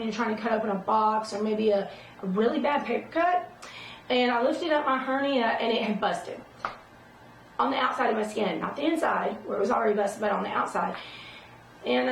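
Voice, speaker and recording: A middle-aged woman with a gravelly, fairly high voice talks rambling and emphatic in a casual vlog, often asking "okay?". She sits some way from the mic in a roomy space, with faint ambience behind her. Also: a little hiss or hum. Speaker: vlogger. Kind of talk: casual personal talk to camera. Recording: roomy echo, distant from the mic.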